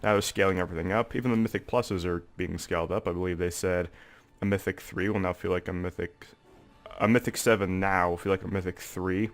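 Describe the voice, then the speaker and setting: Congested young man, low voice. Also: fairly even intonation, a little fast. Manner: rambling, heavy on fillers like "like" and "um". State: congested, sore throat. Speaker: gaming video creator. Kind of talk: casual gameplay commentary.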